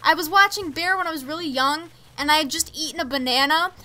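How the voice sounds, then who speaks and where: Teen girl streamer, high and bright voice, chatty and excitable while chatting with her viewers. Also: fast talker. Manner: chatty, excitable, reads chat aloud. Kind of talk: casual game stream chat.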